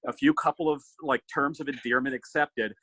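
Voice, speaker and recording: A man hosting a podcast, riffing on a movie in an animated, swearing, casual chat. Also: mid-range voice, brisk, creaky, breathy edge, poor audio. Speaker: podcast host.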